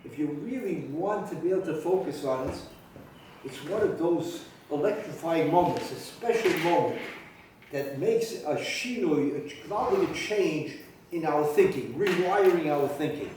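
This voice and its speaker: A man rabbi teaching a halacha class, talking with halting restarts and sudden emphatic rises in pitch. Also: lively intonation, darkish tone, a little hiss or hum. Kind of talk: spoken Torah lecture. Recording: very echoey room from far off.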